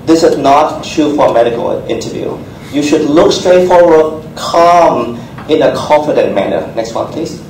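A man's voice: a little high, lively intonation, measured pace, a little mellow, a little hiss or hum. A man, a doctor, giving a seminar talk on interview skills in short instructive phrases and calling for the next slide. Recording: roomy echo, distant mic, faint ambience.

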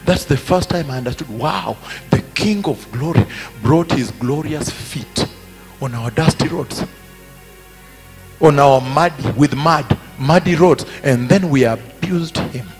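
A man preaching a sermon at a conference, repeating his phrases emphatically and building to shouted peaks. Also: fairly high pitch, measured pace. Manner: emphatic and repetitive, rising to shouted climaxes. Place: large conference hall. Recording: reverberant hall with faint music.

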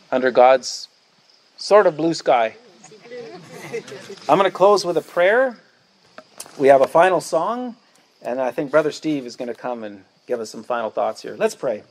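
A man's voice: mid-range voice, lively intonation, moderate pace, pauses often. A male pastor preaching a sermon outdoors at a church picnic, emphatic and declamatory, hammering points through repetition.

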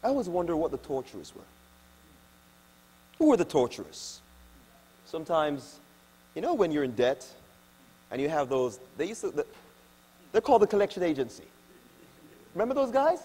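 Animated preacher in a reverberant church. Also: male voice, high-pitched, slightly rough. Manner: dynamic preaching, swings from quiet asides to loud emphatic quotes. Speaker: pastor. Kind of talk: sermon. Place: church hall. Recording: long church-hall reverb.

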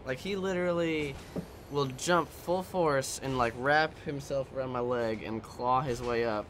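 A man's voice: medium pitch, measured pace, a bit bright, a little hiss or hum. Rambling, cursing gamer guy. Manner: rambling, profane, joking. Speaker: gameplay commentator. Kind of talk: casual let's-play commentary.

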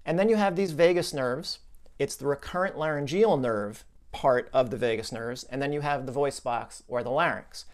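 A man's voice: mid-range voice, moderate pace. A man explaining a client's case in a conversational video lesson, thinking aloud with asides and restarts.

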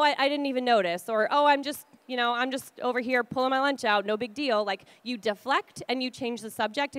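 High-voiced woman giving a chatty talk. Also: a bit bright, no echo. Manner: chatty, acts out quoted dialogue. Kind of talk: conversational advice talk.

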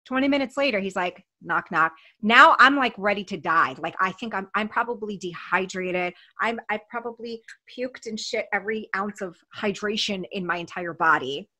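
A woman's voice: medium pitch, moderate pace, few pauses, bright, forceful tone. A woman telling a story in casual talk, blunt and swearing freely, acting out what people said. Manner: blunt, swears freely, acts out quoted dialogue. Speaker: interview guest.

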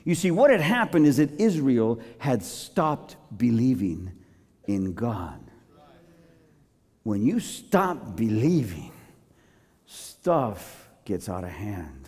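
Theatrical male preacher, lively swooping pitch, long hall reverb. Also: slow pace, slightly rough. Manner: animated, theatrical, joking storyteller. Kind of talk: sermon.

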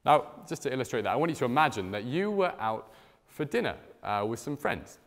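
Male pastor, mid pitch, animated sermon delivery, reverberant church hall. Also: a little fast. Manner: animated storytelling with strong swings in pitch and loudness.

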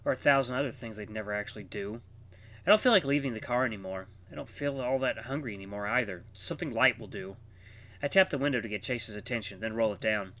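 A man's voice: mid-range voice, fast talker, bright, forceful tone. A man reading a visual novel aloud in a casual way, with asides to his viewers. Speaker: game streamer.

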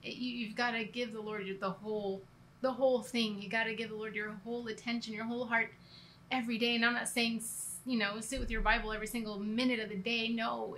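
A woman's voice: on the high side, steady tone, fairly quick, fairly bright tone, a little hiss or hum. A woman giving a casual, earnest church talk, rambling with restarts and laughing at herself now and then. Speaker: church co-leader. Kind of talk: conversational church teaching.

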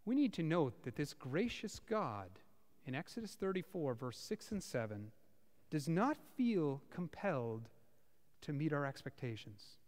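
A male pastor preaching a sermon to a small congregation in a church, with a dramatic delivery that swings from loud to hushed. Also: on the high side, sing-song, unhurried. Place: church, before about fifty people. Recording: reverberant church hall.

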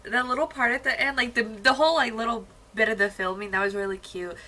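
A woman's voice: fairly high pitch, fairly even intonation, fast, bright, forceful tone, slight background noise, low-quality recording. A young woman hosting a music video reaction, chatty and gushing as she comments. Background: faint music.

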